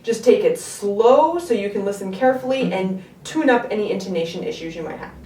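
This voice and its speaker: A woman giving a step-by-step music lesson, patient, often pausing to check that the learner is following. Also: medium pitch, animated, warm tone. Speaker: string teacher. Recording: echoey room, distant mic. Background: her own instrument playing between phrases.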